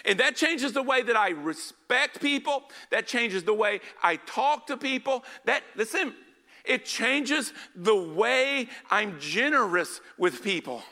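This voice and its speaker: A male pastor delivers a sermon in an emphatic, urging manner, pressing the congregation for answers. His high, very bright and sharp voice is expressive and slow, ringing out with a long reverb from a large hall.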